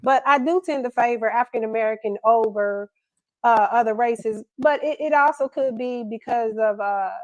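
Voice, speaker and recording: A woman's voice: on the high side, moderate pace, a little mellow, no echo, dull audio. A woman on a discussion panel who speaks hesitantly and carefully, laughing at herself as she picks her words.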